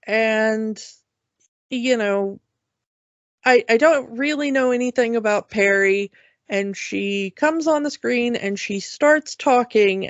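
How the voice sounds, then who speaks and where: A woman co-hosting a podcast, telling stories in a chatty, unhurried way with fillers. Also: a little high, no room sound. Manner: chatty, drawn-out storytelling with fillers. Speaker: podcast co-host. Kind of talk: casual podcast chat. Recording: dull lo-fi podcast mic.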